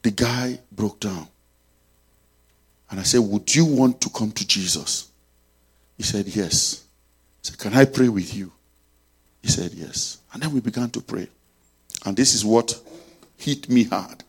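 A man preaching a sermon, telling a story and leading prayer, swinging between loud and soft. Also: lowish voice, unhurried, long pauses, husky.

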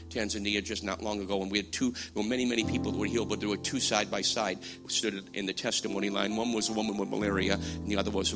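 A man preaching a sermon, swinging from hushed, slow passages to loud, emphatic ones. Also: fairly low pitch. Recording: music playing behind voice.

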